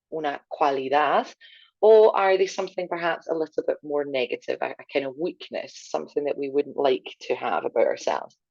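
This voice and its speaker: A low-pitched woman leads a video language lesson in a slow, clear and encouraging way, pausing so learners can repeat after her. The sound is close and dry, with a slightly dull, lo-fi tone. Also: darkish tone, no echo. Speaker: language teacher.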